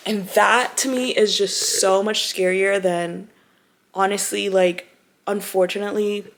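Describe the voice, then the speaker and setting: A woman's voice: mid-range voice, fairly even intonation, a little slow. A young woman vlogging from home, talking heartfelt and close to tears, with lots of "like" and "you know", then chatty, calling viewers "y'all" and "girl". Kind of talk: emotional personal vlog talk to camera.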